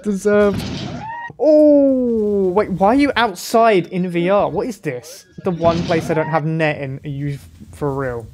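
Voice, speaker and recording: A man's voice: high voice, a little slow, darkish tone, slight background noise. A man hosting a casual meme reaction video. He speaks in short exclamations and laughs often. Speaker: YouTube reaction host.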